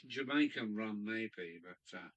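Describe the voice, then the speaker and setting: Male live-stream host, casual rambling chat, unhurried delivery. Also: fairly low pitch, animated, fairly bright tone, highs cut off. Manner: rambling, chatty, musing aloud. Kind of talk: casual chat reading viewer comments. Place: hobby room in a loft.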